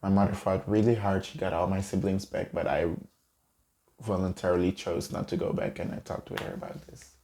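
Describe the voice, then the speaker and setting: A young man telling a personal story in a halting, choked-up way, close to tears. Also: deep voice, fairly even intonation, dark tone, slight background noise. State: tearful. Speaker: vlogger. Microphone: camera mic, seated in a chair.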